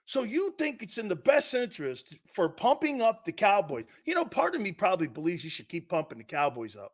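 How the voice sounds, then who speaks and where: A middle-aged man hosting a sports talk show, ranting loudly and mocking rivals. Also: sits high, big pitch swings, normal speed, few pauses. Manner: loud, mocking, puts on voices and laughs often. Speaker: sports radio host. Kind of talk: animated sports talk rant.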